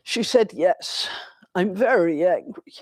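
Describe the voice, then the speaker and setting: An older woman giving a dharma talk in a temple, telling a personal story in a slow, reflective way with pauses. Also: fairly low pitch, lively intonation, darkish tone, no echo. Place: temple hall.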